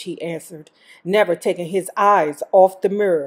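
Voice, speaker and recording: A woman's voice: mid-range voice, steady tone, moderate pace, a little mellow. A woman host reading a memoir aloud, breaking off for blunt, joking commentary. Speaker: YouTube host.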